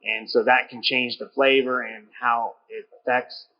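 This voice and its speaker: A man's voice: mid-range voice, little pitch movement, measured pace, gravelly. A chatty male podcast host talks casually in a brewery taproom. He rambles and often restarts his sentences. The recording sounds a little dull. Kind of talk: casual interview chat.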